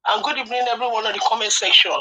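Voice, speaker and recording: A woman calling in to a talk show, emotional and repetitive, rising to shouting. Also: a little high, fairly even intonation, rapid-fire. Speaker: caller. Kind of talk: impassioned call-in. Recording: muffled phone-in audio.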